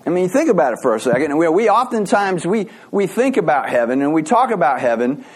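A man's voice: fairly high pitch, big pitch swings, a little fast, husky. A middle-aged man preaching a sermon as a pastor, telling stories in a loose, conversational way with frequent restarts. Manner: conversational storytelling with repeated restarts.

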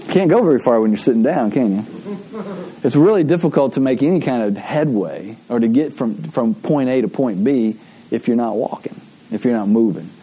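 A man's voice: mid-range voice, expressive, moderate pace, mellow. A man preaching a sermon, telling stories in a conversational way with frequent restarts.

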